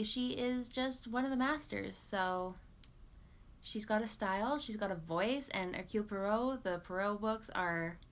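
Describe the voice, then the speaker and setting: Chatty woman from Canada talking books. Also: medium pitch. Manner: chatty, rambling, animated. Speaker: book vlogger. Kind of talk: casual chat.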